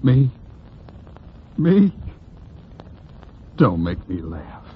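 An actor playing a nervous, secretive nightclub emcee who snaps back defensively, in a 1940s radio drama. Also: male voice, medium pitch, sing-song, extremely slow, a little hiss or hum. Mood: jumpy. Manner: jumpy, defensive, snapping. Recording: dull old radio broadcast.

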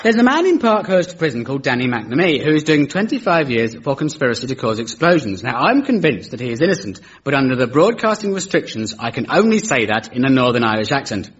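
A man's voice: medium pitch, very animated, fast talker, few pauses, crowd noise. A man hosting a comedy show, delivering a dry, mock-formal satirical lecture with sarcastic punchlines. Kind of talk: scripted satirical stand-up lecture. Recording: dull lo-fi broadcast recording.

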